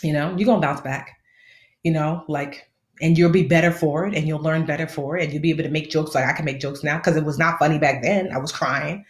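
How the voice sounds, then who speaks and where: A woman's voice: low voice, fairly quick, echoey room. A woman in her thirties with a slight lisp, giving casual, slangy money advice and playfully acting out the people she quotes. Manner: animated, playful, slangy, acts out quoted voices. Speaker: personal finance host. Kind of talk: casual live-stream advice talk.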